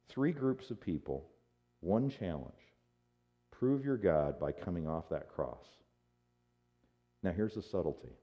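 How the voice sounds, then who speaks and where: A man preaching in an animated, conversational style. His pitch moves a lot, rising and falling across phrases. The tone is mellow and relaxed. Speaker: pastor. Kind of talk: sermon.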